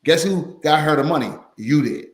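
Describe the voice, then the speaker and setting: A man's voice: a little high, normal speed. Male guest, rambling storyteller, roomy echoey sound. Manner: rambling, repeats words, animated retelling. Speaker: podcast guest, finance course teacher. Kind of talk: casual storytelling chat. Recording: roomy echo.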